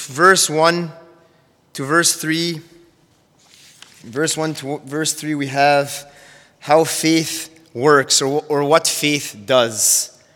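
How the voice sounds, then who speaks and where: A man teaching a sermon on Bible verses, measured and careful, often repeating and restarting phrases as he explains. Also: on the high side, bright, forceful tone. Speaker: preacher. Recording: long hall reverb.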